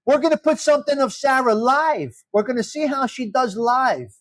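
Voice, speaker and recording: A man's voice: very high-pitched, lively intonation, moderate pace, dry recording. A man hosting a live morning chat show, talking brashly with plenty of swearing. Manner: brash, profane, bursts of laughter. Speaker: host.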